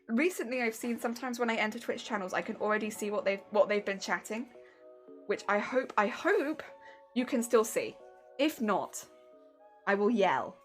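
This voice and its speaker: A bubbly woman chats away on a livestream, rambling cheerfully and laughing often. Her voice sits a little high and swoops around with lively intonation, with faint music playing behind her. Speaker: streamer. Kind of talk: casual livestream chat while sewing.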